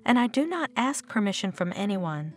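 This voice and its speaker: A woman's voice: medium pitch, big pitch swings, moderate pace, faint music behind, lightly acted. A woman voicing a spiteful, scheming older mother-in-law who mocks as she speaks. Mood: venomous. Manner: venomous, mocking.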